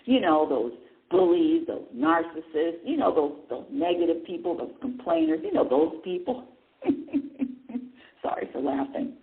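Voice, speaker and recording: Brief: woman spiritual radio host, very expressive pitch, asks and answers her own questions, tinny phone-line sound. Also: moderate pace, creaky. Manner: animated, asks herself questions and answers them, chuckles often. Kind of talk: spiritual talk radio monologue.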